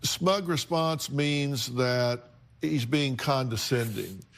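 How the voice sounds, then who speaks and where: A man's voice: medium pitch, takes it slowly, fairly bright tone. A man hosting a confrontational TV talk show, lecturing guests in a blunt, emphatic way.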